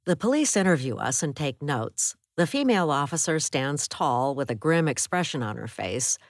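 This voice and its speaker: A woman narrating a first-person thriller audiobook in a measured, expressive way. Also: deep voice, dry recording, studio quality.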